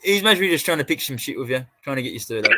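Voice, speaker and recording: Sweary Australian bloke telling stories. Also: male voice, mid-range voice, very animated, fast, pushed and bright. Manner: sweary, rambling storyteller with many restarts. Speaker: livestream host. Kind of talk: casual livestream chat.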